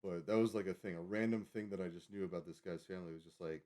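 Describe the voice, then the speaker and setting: A man's voice: sits low, fairly even intonation, racing, mellow. A man livestreaming, rambling casually as he reads a web page aloud and stumbles over foreign names. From Colorado. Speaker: livestream host.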